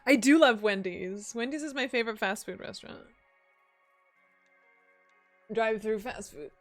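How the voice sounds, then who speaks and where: A woman's voice: fairly high pitch, moderate pace, soft background music. A woman streaming a video game and chatting casually with her viewers, giggly and teasing. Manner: chatty, giggly, answers chat. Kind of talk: casual live-stream chat.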